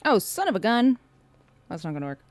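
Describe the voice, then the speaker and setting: A woman casually chatting as a live streamer, bubbly and excitable as she talks to her viewers. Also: mid-range voice, fairly quick, no room sound.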